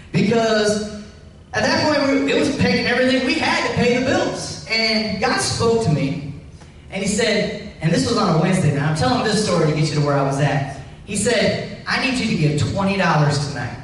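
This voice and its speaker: A man preaching a sermon, telling a personal testimony with animated, rising emphasis. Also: sits high, a little hiss or hum. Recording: echoey room, voice from a distance.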